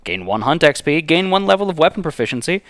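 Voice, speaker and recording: A man hosting a streamed board game session, reading rules aloud and counting dice in a casual, animated way. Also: fairly high pitch, fast talker, dry recording, studio quality. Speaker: game host.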